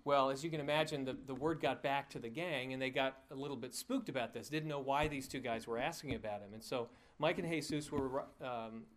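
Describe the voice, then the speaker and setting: A male pastor with a mid-range voice tells a story during his sermon, speaking briskly with few pauses. He is conversational, full of fillers and restarts, and chuckles at his own asides.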